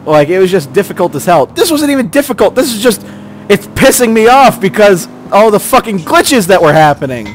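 A man giving gameplay commentary, exasperated and swearing, yelling at the characters on screen. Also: high-pitched, sing-song, fairly quick, a little hiss or hum. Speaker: let's play host.

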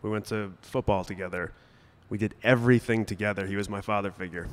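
A man's voice: fairly low pitch, steady tone, fast, big-room sound. A young adult man telling a personal story to a live audience, conversational with sudden emphatic bursts and comic timing. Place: stage at a brewery event.

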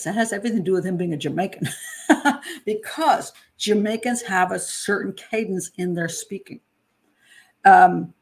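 Chatty older woman from New Jersey. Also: medium pitch. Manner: chatty, self-deprecating, with frequent laughs and restarts. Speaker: criminal profiler hosting her channel. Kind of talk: casual monologue on a true-crime case.

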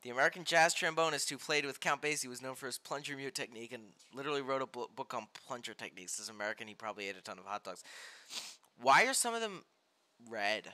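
A young man with a medium-pitched voice streams a game live at a quick pace, reading cards aloud and reacting excitably. He often yelps loudly in dismay.

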